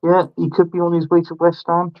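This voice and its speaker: A man's voice: fairly high pitch, completely flat delivery, fairly quick, muffled recording. A man chatting casually about football, hesitant with many fillers. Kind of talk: casual chat.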